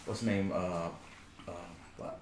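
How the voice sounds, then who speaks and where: Man, comedy podcast co-host, halting talk, laughs a lot, very echoey room. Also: deep voice, flat delivery, noisy background. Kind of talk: casual podcast chat.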